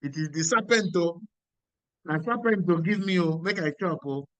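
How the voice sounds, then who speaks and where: A man's voice: fairly high pitch, animated, moderate pace, dry recording, natural voice. A man with a Nigerian Pidgin accent voicing Eve as a woman pleading and shifting blame.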